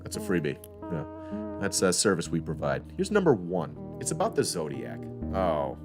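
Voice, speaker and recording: A man's voice: low voice, wildly swooping pitch, moderate pace. A man hosting a live-stream trivia game in a casual, joking way, rambling and correcting himself as he goes. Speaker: trivia host. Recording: music playing behind the voice.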